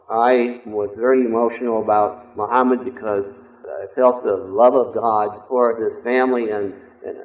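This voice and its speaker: A man preaching a sermon in an earnest, emphatic way, telling a personal story. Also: vocal fry. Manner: earnest, emphatic, varies pitch and loudness for stress. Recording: echoey room over a phone-like line.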